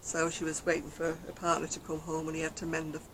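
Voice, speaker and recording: A woman's voice: low voice, completely flat delivery, quick pace, slight background noise, poor audio. Chatty English woman outdoors. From England. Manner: chatty, rambling storyteller who laughs often. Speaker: crochet vlogger. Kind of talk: casual chat. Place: outdoors on a garden deck.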